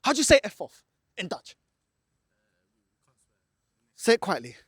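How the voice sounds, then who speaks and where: A fired-up man rants in a high, wildly swinging voice, his pitch leaping up and down as he vents. He sounds close and dry, filmed outdoors by a friend holding the camera. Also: huge pitch swings, a little slow, a bit bright, slightly rough, no echo. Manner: angry, ranting, slips into Portuguese. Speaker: football fan vlogger. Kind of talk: ranting fan reaction vlog. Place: outdoors in a car park. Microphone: camera held by a friend.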